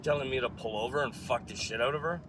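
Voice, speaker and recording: A man's voice: mid-range voice, fast. A man, a cab driver, telling a story in casual, rambling talk, repeating "I'm like" as he goes, from inside his car. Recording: car and street noise behind.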